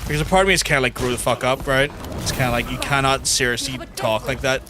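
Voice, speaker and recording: A man's voice: medium pitch, steady tone, fast, background noise. Sweary man streaming a game. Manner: sweary, blunt and ranting. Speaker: gaming streamer. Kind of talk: live gameplay commentary. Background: game music.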